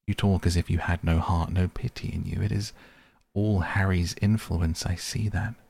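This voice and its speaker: A man's voice: deep voice, fairly even intonation, normal speed, gravelly, a little mellow, husky, dry recording, heavily acted. A man voicing an older male painter who speaks in an anguished, reproachful, pleading way.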